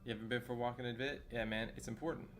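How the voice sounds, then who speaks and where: A man streams a video game with a medium-pitched, steady, fairly bright voice, talking rapid-fire. His casual chat is loose and rambling, packed with fillers and slang, over faint background music.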